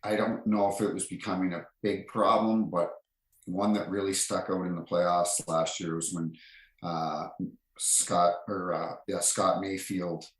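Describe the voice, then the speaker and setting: A middle-aged man with a low, deep voice tells stories as a guest in a loose, rambling way, full of fillers and restarts. His voice sits in a roomy, echoey space. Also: flat delivery, unhurried. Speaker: guest, retired referee. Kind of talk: casual anecdotal storytelling. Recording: roomy echo.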